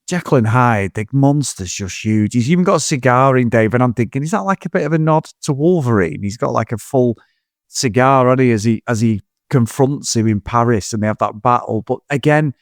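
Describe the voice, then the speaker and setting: A man co-hosting a film podcast, rambling and animated in casual chat, swearing freely. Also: medium pitch, dry recording, clean studio sound. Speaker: podcast co-host.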